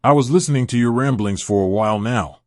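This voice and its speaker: A man reading aloud and voicing a kindly, nosy old man in his eighties with a gentle elderly voice. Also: mid-range voice, quick pace, no echo, clean studio sound, lightly acted. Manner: gentle, elderly, given to hearty laughs.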